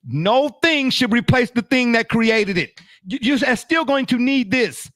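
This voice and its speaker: A man's voice: very high voice, animated, unhurried, a bit bright, no echo, studio quality. A middle-aged man co-hosting a sports talk show, emphatic and slangy, laughing often as he argues.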